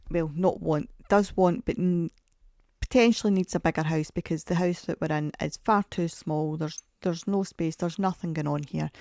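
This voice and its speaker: A woman's voice: lowish voice, creaky, dark tone, dry recording, studio quality. A woman in her forties hosting a podcast, telling chatty, rambling, self-mocking stories. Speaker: podcast host. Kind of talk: casual podcast monologue.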